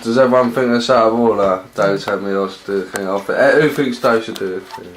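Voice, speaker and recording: A man's voice: on the low side, quick pace. Accusing man in an echoey room. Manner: accusing, stiffly formal. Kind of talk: confrontational casual talk. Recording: echoey room with some noise.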